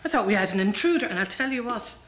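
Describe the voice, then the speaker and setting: A woman playing a deadpan, withering nun. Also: medium pitch, quick pace, a little hiss or hum, natural voice. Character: sardonic middle-aged nun headmistress. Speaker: school headmistress. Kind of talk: broadcast sitcom acting.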